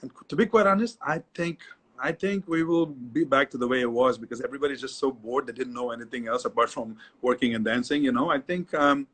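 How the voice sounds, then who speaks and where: A middle-aged man, a dance teacher, talking as an interview guest, lively and repetitive, often adding "you know". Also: mid-range voice, fast talker, slightly rough. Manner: animated storyteller, repeats himself, many "you know"s. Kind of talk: casual interview chat.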